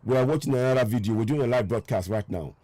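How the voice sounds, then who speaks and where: Every so often he hammers one point home with insistent rhetorical questions. A man hosts a live stream, pitched in the middle and steady in tone. His delivery moves between quiet explaining and loud, repeated demands that the viewer look and see. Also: fast talker, dry recording. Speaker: live broadcast host. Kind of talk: live online commentary with callers.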